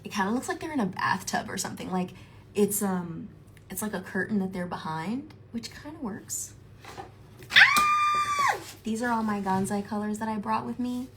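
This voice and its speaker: A woman chatting casually on a livestream while she paints, gushing, excitable and bursting into squeals, then dropping to whispers. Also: medium pitch, a little fast, background noise.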